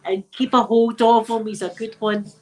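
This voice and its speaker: A woman's voice: fairly high pitch, level tone, normal speed, a little mellow, rough recording. A middle-aged Scottish woman with a cold, chatting casually and emphatically with her viewers as a channel host. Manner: chatty and emphatic, repeats phrases, uses local words like wee and dead. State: has a cold. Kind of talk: casual chat with live viewers.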